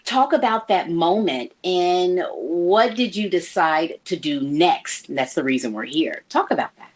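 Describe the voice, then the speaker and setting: Woman host, lowish voice, encouraging, asks lots of questions. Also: expressive, a little slow. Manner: warm, encouraging, probing questions. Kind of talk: church livestream interview.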